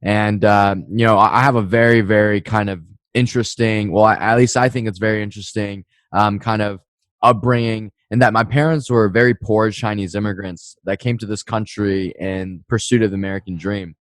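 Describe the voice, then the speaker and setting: A man's voice: fairly low pitch, steady tone, moderate pace, no echo. A man in his twenties, a guest on a podcast, telling his story in a friendly, chatty way over a remote line. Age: 20s. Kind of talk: podcast interview. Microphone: remote call.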